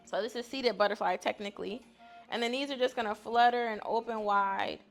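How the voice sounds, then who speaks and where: A woman's voice: a little high, steady tone, a little fast, creaky, soft background music. A woman guiding a stretching class in an upbeat, chatty way, often laughing as she talks. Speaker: fitness instructor.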